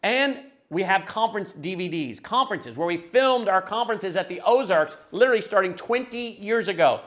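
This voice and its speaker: A man who founded a broadcast network and writes books, giving an earnest promotional pitch and slowly repeating a web address. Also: lively intonation, fairly bright tone.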